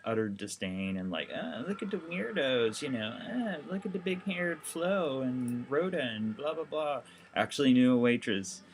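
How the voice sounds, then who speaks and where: Rambling, candid man with a low voice. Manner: rambling and candid, with frequent fillers. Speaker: documentary filmmaker pitching a crowdfunding campaign. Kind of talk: casual talk to camera.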